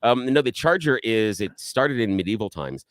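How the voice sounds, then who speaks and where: A man hosting a radio talk show, chatting casually and telling animated stories, acting out other people's voices. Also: fairly low pitch, normal speed, no room sound. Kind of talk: casual on-air chat.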